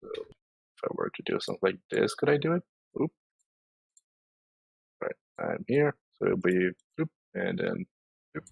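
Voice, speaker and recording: An excitable tabletop player with a gravelly, husky voice that swings up and down in pitch, full of playful sound effects. The sound is dry and close. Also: moderate pace, long pauses, dry recording. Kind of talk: casual tabletop game chat.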